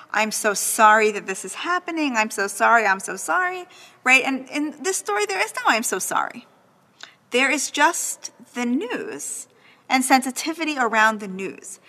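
A woman teaching a class in an animated lecture style, often pausing to ask "right?". Her voice sits fairly high and sounds bright and forceful. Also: long reverb tail. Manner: animated, frequent "right?" checks. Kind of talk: lecture on a text.

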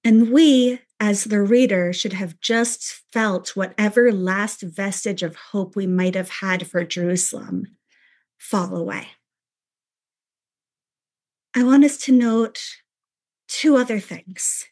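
A woman's voice: mid-range voice, slow pace, darkish tone. A woman teaching a text study, reading quoted lines aloud and then explaining them with frequent "right?" asides.

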